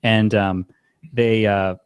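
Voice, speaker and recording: A man on a podcast, chatting enthusiastically and teasing his co-host with quick quips. His voice sits a little low, and the recording is dry with no room sound. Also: fairly even intonation, smooth, no room sound. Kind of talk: casual chat.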